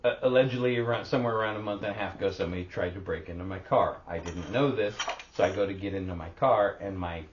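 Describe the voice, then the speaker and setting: A man's voice: low-pitched, fast, slight background noise. A middle-aged man co-hosting a podcast, telling a story in casual chat, swearing often and acting out sounds. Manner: animated, swears a lot, acts out sounds. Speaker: podcast co-host. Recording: roomy, dull lo-fi sound.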